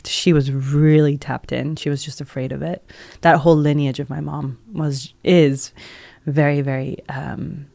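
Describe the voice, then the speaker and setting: Earnest gravelly-voiced woman telling a story. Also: sits low, darkish tone, no room sound. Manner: heavy use of "like" as filler; earnest, emotional retelling. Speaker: podcast guest, energy healer. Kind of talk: casual personal storytelling.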